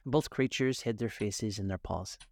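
A man with a fairly low voice narrates a classic storybook aloud. His pacing is calm and measured, and he switches into character voices for the dialogue. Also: gravelly.

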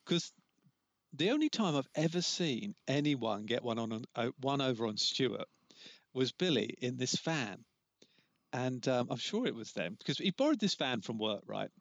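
A man, chatting casually and telling animated stories as a podcast co-host. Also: mid-range voice, moderate pace, no room sound, highs cut off. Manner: animated storyteller, laughs often. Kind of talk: casual chat.

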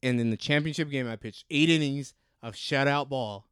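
A man with a smooth, clear voice and a medium pitch, talking on a casual podcast. He rambles and keeps correcting himself mid-sentence, and the sound is dry and close, with no room around it. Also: normal speed, a bit bright, no echo. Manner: rambling, self-correcting storyteller. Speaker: podcast co-host. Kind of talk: casual chat.

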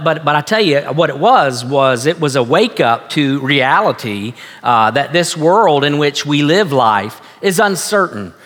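A man preaching a sermon as pastor, earnest and halting, repeating himself with many fillers. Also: mid-range voice, a bit bright. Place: church sanctuary. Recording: echoey hall.

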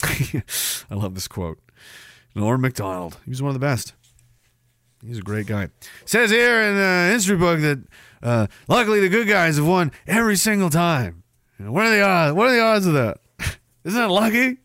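A sarcastic man rants as a podcast host in a high, bright voice, flaring into shouts. The sound is dry and close to the mic. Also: sing-song, moderate pace, long pauses, dry recording. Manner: sarcastic, ranting, bursts into shouting. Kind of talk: ranting commentary.

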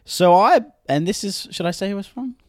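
A playful man co-hosting a podcast in casual chat. He is quick to laugh, and his pitch swings widely. The sound is dry and close. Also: lively intonation, dry recording. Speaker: podcast co-host.

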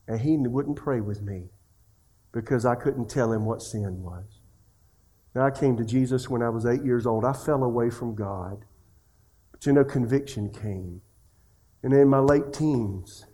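A man's voice: medium pitch, measured pace, pauses often, husky. Man preaching a sermon. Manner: swings between loud questions and hushed confessions; asks the congregation direct questions. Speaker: pastor.

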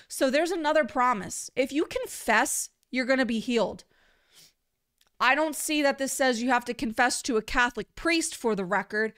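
Smooth-voiced woman teaching scripture earnestly. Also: high-pitched, animated, moderate pace, fairly bright tone. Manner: earnest, conversational, repeats words for emphasis. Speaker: Bible teacher. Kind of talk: livestreamed Bible teaching.

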